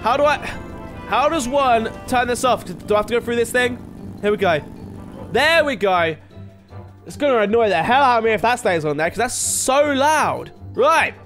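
A man's voice: very high-pitched, lively intonation, normal speed, fairly bright tone, faint music behind. A young man chatting casually as he plays through a game, rambling and laughing at himself. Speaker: gaming video host. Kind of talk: casual let's-play commentary.

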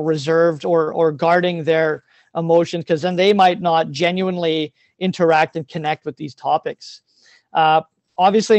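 Man, teacher, earnest and emotional, fairly high voice, dry sound, video call. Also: a little mellow, dry recording. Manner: earnest and openly emotional, frequent ums. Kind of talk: presentation over a video call.

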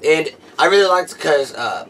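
A man reviewing a movie in casual chat, excitable and gushing, often exclaiming and laughing. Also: on the high side, moderate pace, recorded from a distance, a little hiss or hum.

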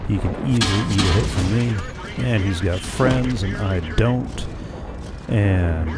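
Male streamer, very low voice, dry self-talk commentary, music bed. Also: unhurried. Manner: wry, talks to himself while playing. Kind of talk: casual gameplay commentary.

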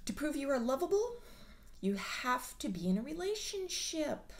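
Blunt, profane woman vlogger, lively pitch. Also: moderate pace. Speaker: mental health vlogger. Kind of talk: casual monologue.

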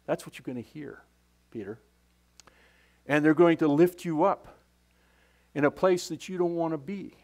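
A man preaching a sermon with passion, often restarting phrases and swinging from loud to hushed. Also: fairly high pitch. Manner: impassioned, repetitive, with restarts and sudden swings in loudness. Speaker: pastor.

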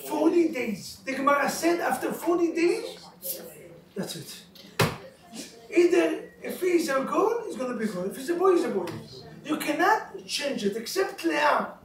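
A man's voice: very high voice, normal speed, crowd noise. A man teaching a couples class as a rabbi, telling jokes and quizzing the class in broken English. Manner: animated storyteller, broken English, asks the class questions. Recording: roomy echo, recorded from far off.

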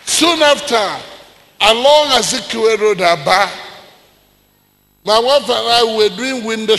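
An older Nigerian man preaching a sermon, telling stories with acted-out dialogue and rising to shouts. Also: sits high, vocal fry, a little hiss or hum. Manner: animated storyteller, acts out dialogue, swings to shouting. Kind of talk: sermon with storytelling. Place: large church hall. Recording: echoey church hall with long reverb.

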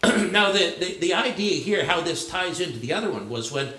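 Male pastor with a high voice in an echoing church. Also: moderate pace, pushed and bright. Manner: conversational, searching, frequent restarts and fillers. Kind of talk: sermon. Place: church sanctuary. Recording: echoey church room.

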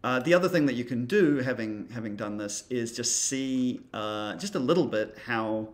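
A man's voice: medium pitch, lively intonation, moderate pace. A man teaching creative coding in a casual screen-recorded tutorial, thinking aloud as he demonstrates, with a wry, dry humor.

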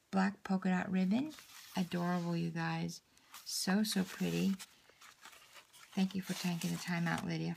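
A woman hosts a casual craft unboxing, gushing over each piece. Her voice carries a heavy gravelly fry, and she often slips into a soft half-whisper. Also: lowish voice, noisy background. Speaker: craft channel host. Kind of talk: casual unboxing chat to viewers.

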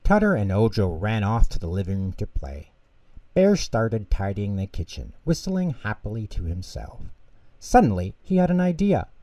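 A man reading a children's bedtime story aloud as storyteller, calm and lilting. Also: on the low side, moderate pace, dry recording.

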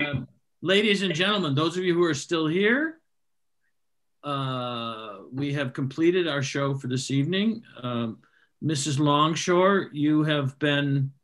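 Wisecracking male host, bright voice. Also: mid-range voice. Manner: dry, self-mocking wisecracks. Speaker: comedy show host. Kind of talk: hosting a live online comedy show. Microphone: video call.

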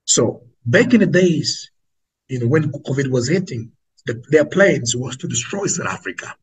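A man's voice: mid-range voice, lively intonation, moderate pace, slightly rough, rough recording. A man with an Angolan accent preaching to an online audience, emphatic and repetitive, calling his listeners family.

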